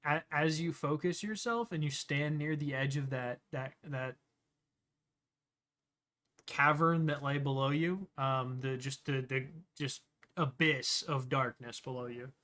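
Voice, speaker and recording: A man running a tabletop game as game master, narrating scenes in a meandering way and often pausing to search for words. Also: mid-range voice, fairly even intonation, sharp tone.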